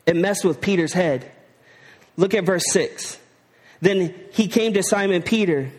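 A man's voice: sits high, unhurried, long reverb tail. A man preaching a sermon in a conversational way, asking the listeners rhetorical questions and slipping into slang. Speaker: pastor.

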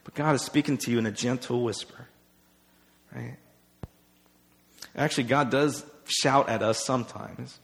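A man's voice: medium pitch, steady tone, unhurried, creaky, pauses often, fairly bright tone. Man preaching in a reverberant hall. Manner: conversational, often asks "right?", acts out the quotes. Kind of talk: sermon.

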